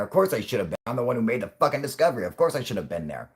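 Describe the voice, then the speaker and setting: A man's voice: medium pitch, very animated, racing. A man in his twenties hosting a casual livestream, stoned and rambling, swearing constantly and laughing often. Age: 20s. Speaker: channel host.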